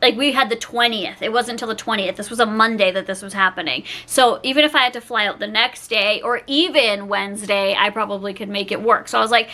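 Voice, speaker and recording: A young woman telling a storytime vlog in a chatty, animated way, acting out bits of dialogue as she goes. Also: medium pitch, a little fast, hardly any pauses. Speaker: YouTuber.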